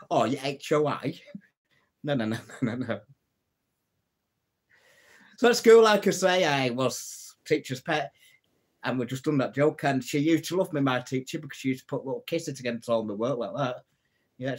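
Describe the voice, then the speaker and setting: A man's voice: a little high, slightly rough. Jokey man on a live stream. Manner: jokey, chatty, chuckles at his own puns; greets and answers viewers' comments. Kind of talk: casual live-stream chat telling jokes.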